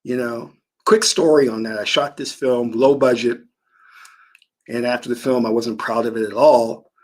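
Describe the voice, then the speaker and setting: This man speaks at a medium pitch with fairly level intonation and a moderate pace. He delivers a motivational spiritual talk about manifesting through dreams, sounding emphatic and leaning on stories.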